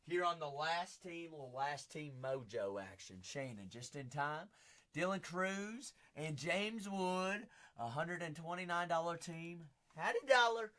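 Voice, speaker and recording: A man hosts a live card break auction. His voice is bright and pitched a little high, and it swings widely between low asides and loud hype bursts. He teases regulars by name and talks at an unhurried clip. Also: expressive. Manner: hype-driven, bursts into shouts; chatty, teasing viewers by name. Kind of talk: live-stream auction patter.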